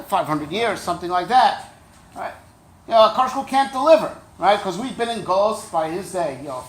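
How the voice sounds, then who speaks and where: A man's voice: sits high, fairly bright tone. A man teaching a Torah class as a rabbi, conversational and wry, often checking in with his listeners. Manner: conversational, keeps checking in with "right?"; wry, joking asides.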